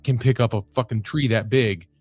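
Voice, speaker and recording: A man's voice: mid-range voice, fairly even intonation, moderate pace, darkish tone, husky, no room sound, faint music behind. A man co-hosting a podcast, chatting casually, laid-back and skeptical. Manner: laid-back, skeptical, short agreeing replies. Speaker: podcast co-host. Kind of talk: casual chat.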